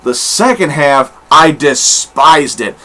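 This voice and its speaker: A man's voice: on the high side, slow pace, bright, forceful tone. A man reviewing comic books in a casual, rambling monologue, blunt and swearing freely. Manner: rambling with many fillers and restarts.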